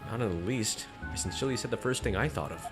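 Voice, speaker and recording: A man's voice: fairly low pitch, fast talker, over music, natural voice. A man voicing a polite young male lawyer, earnest and mild, during a game playthrough.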